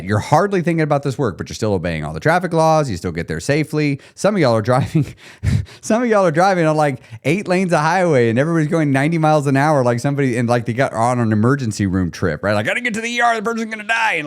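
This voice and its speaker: A man hosting a podcast in a casual, animated monologue who acts out little scenes in a playful way. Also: mid-range voice, fast. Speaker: podcast host.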